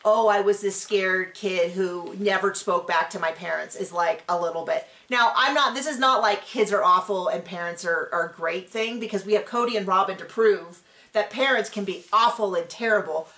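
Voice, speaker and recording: A woman's voice: mid-range voice, moderate pace. Chatty woman recapping TV in an echoey room. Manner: animated, acts out quotes, rambling asides. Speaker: recap show co-host. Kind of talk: casual chat recapping a reality show.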